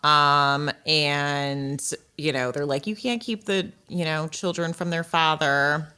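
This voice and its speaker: Low, bright-voiced woman podcaster. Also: fairly even intonation, slow, smooth. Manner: plot-summarizing, matter-of-fact recapper. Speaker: podcast co-host. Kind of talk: casual film recap chat.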